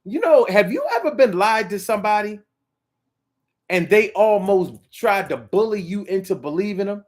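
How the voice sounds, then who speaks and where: A man's voice: sits high, moderate pace. A man hosting his own talk show in a casual, rhythmic monologue, often acting out the people he talks about. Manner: animated, rhythmic, acts out quoted voices. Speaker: show host.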